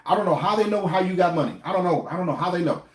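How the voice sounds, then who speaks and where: A man's voice: high voice, expressive, racing. A middle-aged man with an African American English accent, talking casually to the camera about money, repeating himself and asking viewers questions. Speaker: finance vlogger. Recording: echoey room.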